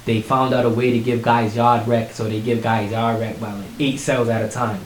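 A man casually telling his life story in conversation, animated, acting out what others said. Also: moderate pace. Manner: animated, acts out quotes with rising pitch. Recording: echoey room with faint hiss.

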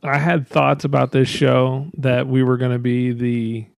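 Casting: young male podcast host, gravelly voice, rambly and profane, dry close sound. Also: medium pitch, level tone, dry recording. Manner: rambling, profane, laughing, doing quick voices. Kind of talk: casual chat.

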